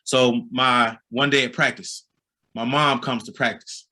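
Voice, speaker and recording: Animated Southern basketball coach in his forties. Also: mid-range voice, unhurried. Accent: Southern American. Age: 40s. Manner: storytelling, gets loud and animated when excited. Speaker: high school basketball coach. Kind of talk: casual interview conversation.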